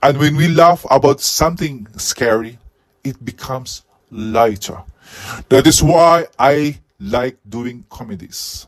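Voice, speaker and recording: A man giving a comic movie review in a husky head costume, with deadpan jokes and sudden outbursts. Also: medium pitch, takes it slowly. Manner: speaking while wearing a husky head costume.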